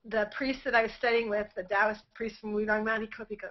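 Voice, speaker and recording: A woman telling animated anecdotes in a group call, laughing often, over dull lo-fi audio. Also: mid-range voice, fast talker, hardly any pauses, slight background noise.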